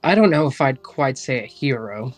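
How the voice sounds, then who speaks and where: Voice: mid-range voice, expressive, normal speed, lightly acted. A player voicing Dipper, a playful cat-folk rogue, in a casual, teasing way.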